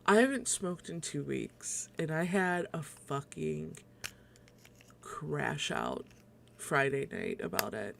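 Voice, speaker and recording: A woman's voice: sits low, expressive, slow, gravelly, fairly bright tone, slight background noise. A young adult woman hosting a casual solo livestream at home, rambling and swearing, laughing often, a little short of breath. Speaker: livestream host.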